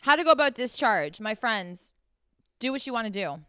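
A woman's voice: a little high, very animated, moderate pace, pushed and bright, clean tone, no echo, studio quality. A young woman hosting a frank, casual monologue, blunt and profane as she talks straight to her listeners. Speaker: host.

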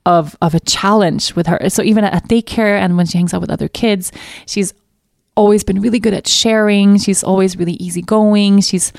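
A woman's voice: medium pitch, steady tone, moderate pace, vocal fry, darkish tone, no room sound, clean studio sound. A woman hosting her own podcast, talking candidly and thoughtfully in a casual way, often restarting her sentences. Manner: casual, occasional swearing. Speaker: podcast host. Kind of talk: reflective solo podcast talk.

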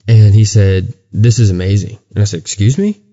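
Earnest man telling a faith story, dark voice. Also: lowish voice, normal speed, lo-fi sound. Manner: earnest storytelling with many restarts. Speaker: podcast co-host. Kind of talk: casual chat and testimony.

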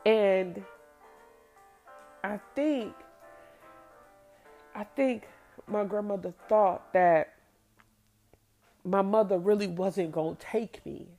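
A woman's voice: medium pitch, slow, pauses often, dark tone, soft background music. A woman telling a personal story from her past, candid, blunt and profane.

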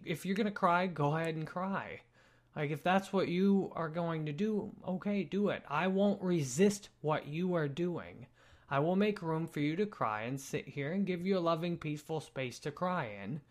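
A young man speaks calmly to his camera at home, with a voice that sits a little higher than most men's. He talks in an earnest, reflective way and explains his ideas gently and patiently. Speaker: spiritual vlogger.

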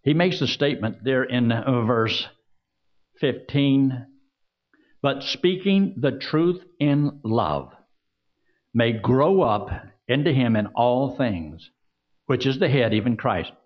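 A man's voice: mid-range voice, animated, takes it slowly, pauses often, lo-fi sound. A man preaching a sermon, asking the congregation questions and reading scripture aloud. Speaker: pastor.

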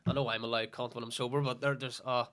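A young man with a Northern Irish accent talks quickly and bluntly as a podcast guest, with plenty of swearing. His voice is bright and forceful. The sound is dry and close. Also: mid-range voice, level tone, no room sound. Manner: blunt, sweary, laughs easily. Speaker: podcast guest, football coach. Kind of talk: casual podcast chat.

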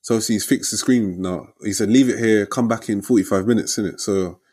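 A young man telling a story in casual chat, lively and slangy, ending lines with "innit" and "yeah". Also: lowish voice, fast, husky.

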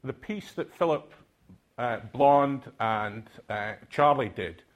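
A man's voice: mid-range voice, lively intonation, slow pace. An older man from Aberdeen with a Scottish accent, speaking to a conference audience in a reflective, hesitant way with many fillers. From Aberdeen, Scotland.

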